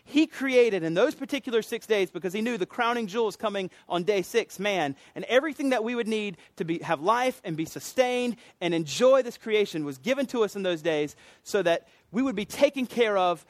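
A man's voice: high-pitched, expressive, moderate pace, no echo. A man preaching a sermon in a casual, joking, conversational way. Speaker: pastor.

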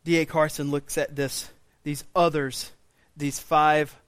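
A pastor preaching a sermon in a church, swinging from quiet intensity to loud, raised pleading. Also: male voice, fairly high pitch, flat delivery, slow, no room sound. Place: church sanctuary.

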